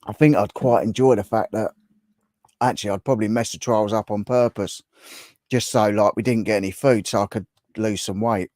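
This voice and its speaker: A man's voice: on the low side, fairly even intonation, normal speed, a little mellow, dry recording, studio quality. Chatty man hosting a home livestream. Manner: chatty, laughs often, reads viewer comments aloud. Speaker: livestream host. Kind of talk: casual livestream chat reading comments.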